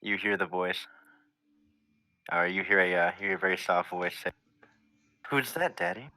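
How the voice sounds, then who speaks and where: Deep-voiced young game master. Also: male voice, completely flat delivery, pushed and bright, no echo. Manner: halting, restarts often while describing scenes. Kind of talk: narrating a tabletop game.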